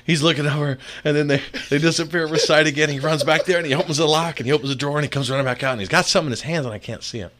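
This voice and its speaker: A man telling a casual story, animated and often breaking into laughter. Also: on the high side, racing, few pauses, slight background noise.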